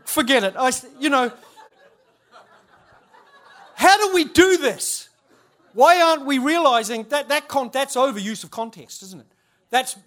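High-voiced man telling stories. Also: fairly bright tone. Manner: chatty, self-interrupting, laughs at own stories. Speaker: church leader speaking at a conference. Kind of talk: humorous storytelling talk.

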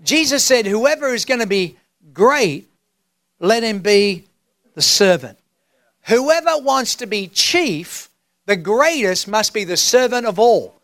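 A man's voice: sits high, lively intonation, slow pace, fairly bright tone, no echo. A middle-aged man preaching a sermon as senior pastor, emphatic and drawn out, asking the crowd rhetorical questions. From Australia.

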